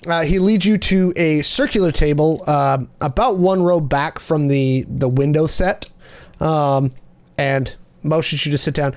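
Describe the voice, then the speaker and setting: A man's voice: fairly high pitch, steady tone, unhurried. Male game master, rambling narration. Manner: rambling, lots of fillers and likes.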